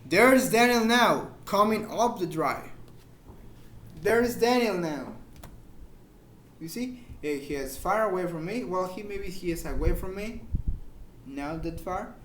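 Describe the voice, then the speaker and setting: High-voiced man teaching English slowly. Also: expressive, fairly bright tone. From Mexico. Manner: explains slowly with repeated examples, searches for words. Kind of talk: informal grammar lesson.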